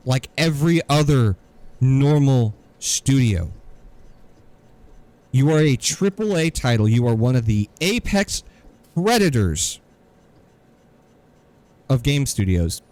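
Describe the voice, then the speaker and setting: A man's voice: medium pitch, very animated, measured pace, long pauses, darkish tone. A man co-hosting a podcast, telling a story in an exasperated, sarcastic rant. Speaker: podcast co-host. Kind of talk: casual ranting podcast chat.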